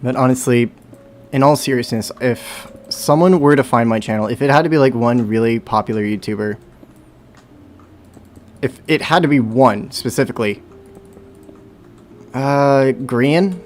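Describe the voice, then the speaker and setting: A man's voice: mid-range voice, measured pace, pauses often, slight background noise. A young man chatting casually on a livestream while playing, rambling and talking to himself. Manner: rambling, self-talk with hums and sound effects. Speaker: streamer.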